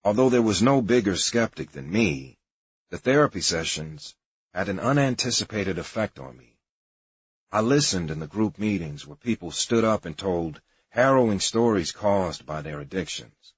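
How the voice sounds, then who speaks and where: A man's voice: fairly low pitch, slightly rough, no room sound. A man narrating his own life story in a confessional, profane way. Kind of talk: memoir narration mixed with archival comedy clips. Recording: dull lo-fi recording.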